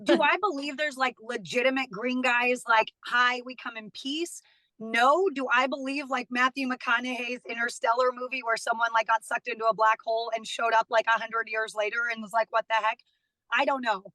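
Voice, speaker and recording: A woman's voice: fairly high pitch, steady tone, fairly quick, few pauses, sharp tone, no room sound, low-quality recording. A woman in her thirties, a studio guest, chatting casually and laughing often as she tells personal stories. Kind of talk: casual chat.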